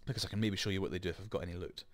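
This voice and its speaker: A man's voice: low-pitched, very fast, dry recording. A man hosting a let's play, chatting and rambling through explanations with lots of asides, into a desk microphone. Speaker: gaming channel host.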